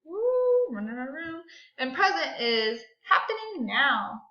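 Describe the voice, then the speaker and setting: A bright, high woman's voice leads a young class through phonics, slow and sing-song as she claps out syllables. The recording is dull and lo-fi, with an echoey room around her. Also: big pitch swings. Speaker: second grade teacher. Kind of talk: classroom grammar and phonics lesson.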